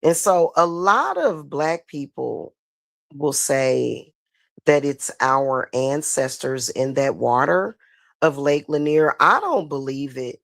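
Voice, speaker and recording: A woman's voice: low-pitched, takes it slowly, creaky, no echo, clean studio sound. A woman hosting a spiritual livestream, telling a story in casual, profane talk that is full of y'all. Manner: profane, animated, addresses viewers as y'all.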